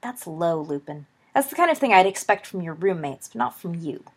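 A fiery, sharp-tongued teenage witch girl, read by a woman. She is blunt and caring at heart. Her voice is soft and breathy, as in a storybook reading. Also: lowish voice, lively intonation, a little fast. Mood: angry.

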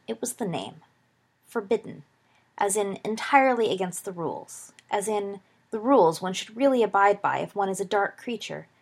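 A woman narrating a story aloud in a calm, even reading style. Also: mid-range voice, gravelly, breathy edge. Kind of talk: audiobook reading of fan fiction.

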